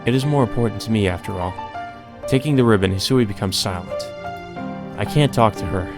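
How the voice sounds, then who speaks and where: A man's voice: fairly low pitch, brisk, music in the background. Man reading a visual novel aloud. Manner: hesitant asides full of ums and restarts. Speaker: let's play host.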